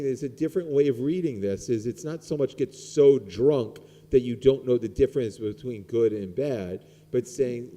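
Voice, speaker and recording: A man's voice: medium pitch, moderate pace, hardly any pauses, mellow. A middle-aged man, a rabbi, giving an informal sermon in a rambling, conversational way full of fillers. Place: synagogue sanctuary. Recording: long hall reverb.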